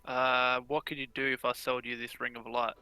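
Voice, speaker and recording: Male player, bright tone, hesitant low-key delivery, dry sound. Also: flat delivery, moderate pace, smooth, no room sound, low-quality recording. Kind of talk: tabletop game role-play.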